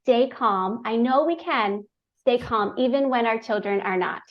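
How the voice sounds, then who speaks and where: A woman hosts a podcast interview at an unhurried, slow pace, her voice set a little high. She keeps it casual and affirming and laughs easily. The recording sounds dull and lo-fi. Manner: warm, affirming, laughs often. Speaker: podcast host.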